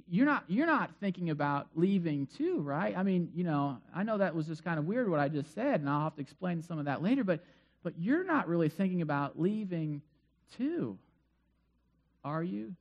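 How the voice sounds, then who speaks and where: A pastor voicing a gentle male teacher who quietly asks his closest followers if they will leave too. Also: fairly high pitch, sing-song, normal speed, lo-fi sound. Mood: gentle questioning. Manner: soft, searching, coaxing.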